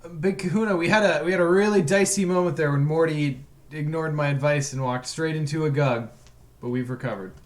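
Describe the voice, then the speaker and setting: Man, laid-back podcast co-host, thoughtful, quick to laugh. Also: on the high side. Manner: easygoing, reflective, laughs easily. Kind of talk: casual game-play chat.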